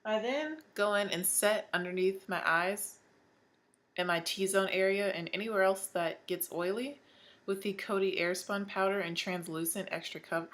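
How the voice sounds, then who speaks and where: A young woman in her twenties walks viewers through a makeup tutorial in a bright, chatty way. She talks casually and happily, as a beauty vlogger talks to her followers. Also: mid-range voice, moderate pace. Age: 20s. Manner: chatty, upbeat and talkative. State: suffering hiccups.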